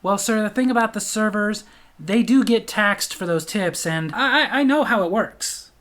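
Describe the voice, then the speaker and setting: A man's voice: sits high, moderate pace, fairly bright tone. Man doing a woman restaurant manager, placating, hesitant, says sir a lot. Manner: soothing, hesitant, repeats "sir". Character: weary female restaurant manager placating an angry customer.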